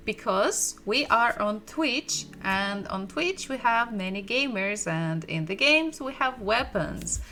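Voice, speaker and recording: Woman teacher, bright tone, unhurried delivery, patient and repetitive. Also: mid-range voice, slight background noise. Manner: patient, repeats sounds slowly for learners; asks the audience questions. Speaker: Russian language teacher. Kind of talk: online language lesson.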